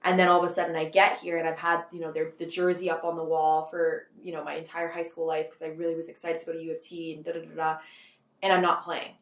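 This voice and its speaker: A young Canadian woman in her twenties rattles on quickly in a slightly low voice, piling up "like" as she goes. Her voice rings with a bit of room echo. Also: monotone. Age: 20s. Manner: rambling, heavy use of "like", frequent laughs. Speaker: guest author. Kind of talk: casual interview.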